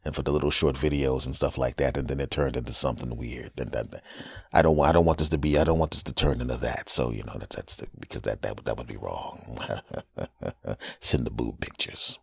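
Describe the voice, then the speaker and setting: A man's voice: a bass voice, fast talker, gravelly, a little mellow, slightly rough, dry recording. A man hosting his own podcast, rambling in a crude, joking way and telling a story casually. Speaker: podcast host. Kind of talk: casual solo podcast monologue.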